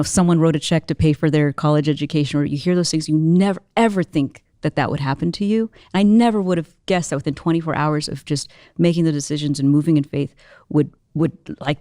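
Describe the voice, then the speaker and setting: A young adult woman recounting her story as an interview guest, her voice dry and close with little room sound. She talks in a lively, quick rush of fillers and restarts, swinging her pitch up when she acts out scenes. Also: no room sound. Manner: animated, fast storytelling with many fillers. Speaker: guest entrepreneur and musician.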